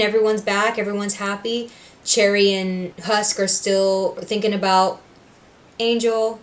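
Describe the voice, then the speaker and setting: A young woman from Puerto Rico hosts a reaction video, recapping a show in a casual, chatty way. She talks with emotion and fills her speech with likes and ums. Her pitch sits at a middling level. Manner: chatty, emotional, full of fillers.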